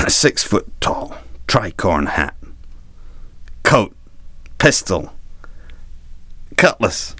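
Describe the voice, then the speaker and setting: A man, a ship captain, telling a comic story to an audience in a lively way with hesitant restarts. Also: sits low, extremely slow, long pauses, dry recording.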